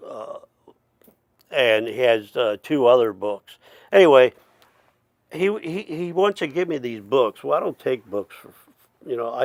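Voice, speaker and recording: A middle-aged man tells a long personal story at a slow, unhurried pace. His voice has a gravelly, creaky texture and sounds dry and close. He rambles, stops to restart and wanders into asides. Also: medium pitch, no room sound. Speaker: storyteller, Métis chief. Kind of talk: casual spoken storytelling.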